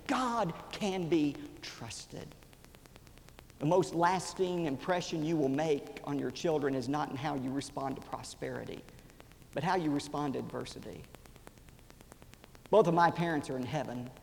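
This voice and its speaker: A man in his forties preaching a sermon as a pastor, telling a story with drama, swelling loud and then dropping to a whisper. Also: a little high, normal speed, vocal fry. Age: 40s. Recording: reverberant hall, faint background noise.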